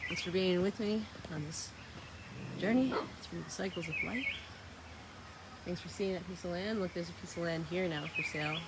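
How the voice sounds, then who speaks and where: In this vlog, a woman with a somewhat low voice chats casually with her viewers at a moderate pace over heavy background noise. Her talk is chatty and spiritual, touching on surrender and going with the flow, and she breaks off now and then to talk playfully to some dogs.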